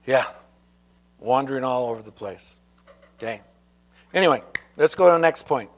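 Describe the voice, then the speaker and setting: A man's voice: medium pitch, lively intonation, moderate pace. A male pastor preaching a sermon who reads scripture aloud and asks the congregation questions.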